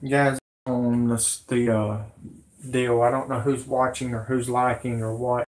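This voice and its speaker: A man's voice: mid-range voice, level tone, unhurried, echoey room. A man ranting on his own news vlog, rambling, folksy and cussing. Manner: angry, rambling, folksy, cusses. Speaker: amateur news vlogger.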